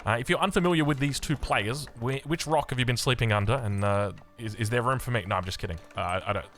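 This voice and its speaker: A young Australian man casting a strategy game, chatty and upbeat, wandering into rambling asides. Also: fast. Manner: chatty, rambling asides, lively swings in pitch. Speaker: game caster. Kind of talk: energetic esports commentary.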